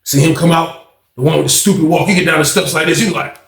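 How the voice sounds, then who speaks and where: A man's voice: fairly high pitch, fairly even intonation, quick pace, gravelly, reverberant. A man telling a story in a casual, slangy monologue and acting out the other people.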